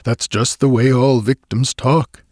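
A man reading an audiobook voices a grave, uneasy male canoeing companion who speaks slowly and earnestly, turning low and scornful at times. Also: fairly even intonation, a little mellow, no echo, studio quality, natural voice.

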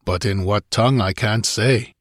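A gruff barbarian warrior talks bluntly in a storybook reading, as a male narrator does his voice. The voice is low and plain-spoken, with a grunting edge. It is recorded close and dry. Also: moderate pace, dry recording, lightly acted.

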